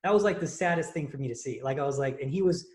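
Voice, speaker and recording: A man hosting a fitness podcast, telling a story in casual, excited chat full of fillers and restarts. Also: medium pitch, very fast. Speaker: podcast host and contest prep coach.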